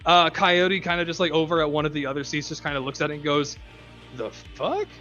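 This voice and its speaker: A man's voice: on the high side, fairly even intonation, quick pace, bright, forceful tone, lo-fi sound, soft background music. A man running a tabletop role-playing game as game master, narrating casually with many fillers. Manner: loose, filler-heavy storytelling.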